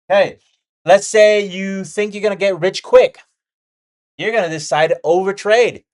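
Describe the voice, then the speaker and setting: Speaking at a medium pitch with a darkish tone, the vlogger draws a chart and discusses day trading frankly and informally. Jokey asides pepper the talk, and he hammers important points by repeating them.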